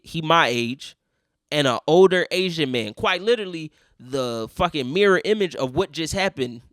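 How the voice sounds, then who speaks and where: A man's voice: a little high, no echo, studio quality. Profane young man telling a story. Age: young adult. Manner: profane, animated, acts out other people in quotes. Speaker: podcast host. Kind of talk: casual storytelling.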